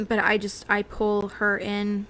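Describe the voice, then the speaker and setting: A woman's voice: mid-range voice, takes it slowly, fairly bright tone. Chatty woman on a webcam, faint room noise, casual spiritual talk. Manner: chatty, with many fillers and small laughs. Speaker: psychic medium host. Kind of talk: casual livestream chat.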